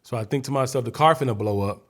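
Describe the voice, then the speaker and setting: A man's voice: mid-range voice, fast talker. A man from Chicago, a guest comedian, telling a story in a casual interview, acting out scenes and voices vividly.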